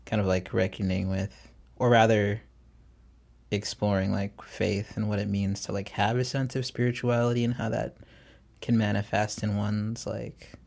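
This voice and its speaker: Casual interview guy, young, low-ish voice, laughs a lot, lots of "like". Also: little pitch movement, moderate pace, vocal fry, darkish tone. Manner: loose and laughing, lots of fillers. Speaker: musician guest.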